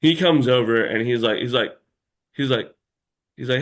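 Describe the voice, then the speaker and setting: A man's voice: mid-range voice, moderate pace, long pauses. A man telling a long story as an interview guest in a casual chat, rambling and packed with filler words.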